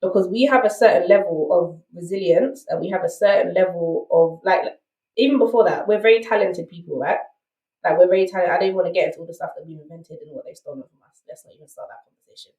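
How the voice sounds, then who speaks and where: A South London woman appears as a podcast guest, telling her story candidly and emphatically and often checking in with "right?" as a rhetorical aside. Her lowish, dark voice moves quickly. The recording is rough, roomy and far from the mic.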